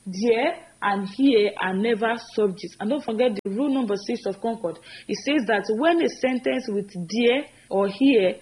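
Woman teaching grammar, slow emphatic examples. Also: a little high, a little mellow, slight background noise, poor audio. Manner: repeats example sentences slowly and emphatically; earnest, encouraging. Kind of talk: spoken grammar lesson.

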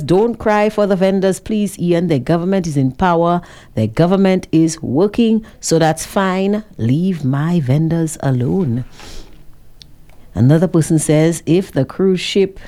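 A Saint Lucian woman hosts a call-in radio show with a low, mellow voice. She reads out listener messages in an animated, teasing manner and laughs often. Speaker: radio talk show host.

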